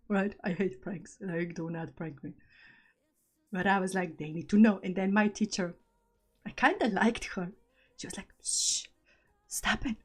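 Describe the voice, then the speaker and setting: A woman's voice: medium pitch, a little mellow. A young woman streamer, not a native English speaker, chatting casually and telling stories with frequent laughs. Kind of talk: casual live-stream chat.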